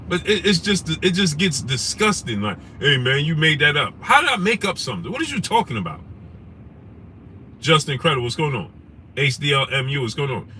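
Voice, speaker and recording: This mid-range male voice belongs to a sports talk show host ranting in a noisy car. His live-stream commentary is casual and animated; he reads chat names and keeps repeating rhetorical questions.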